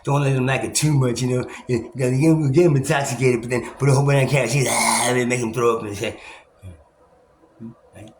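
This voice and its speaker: A man's voice: mid-range voice, fairly even intonation, fast talker. A man talking in a rambling self-recorded monologue, restarting often, swearing and laughing as he puts on other people's voices. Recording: echoey room with loud ambient noise.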